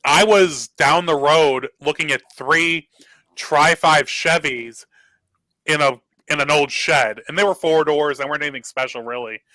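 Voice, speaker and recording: Casting: male guest on a video call, animated storyteller, bright higher voice, dry sound. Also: a little slow, dry recording, poor audio. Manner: animated storyteller acting out quoted dialogue. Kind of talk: casual storytelling on a live talk show.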